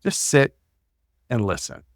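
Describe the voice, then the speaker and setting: A man's voice: on the low side, big pitch swings, slow, no echo, clean studio sound. A man hosting a podcast, telling stories in a blunt, casual way and often repeating words as he thinks. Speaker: podcast host. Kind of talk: casual storytelling monologue.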